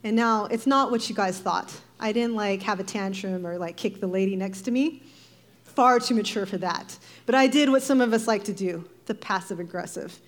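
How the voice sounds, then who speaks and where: A woman giving a devotional talk, telling a personal story in a lively, animated way, acting out voices and laughing often. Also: mid-range voice, moderate pace. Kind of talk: sermon-style personal storytelling.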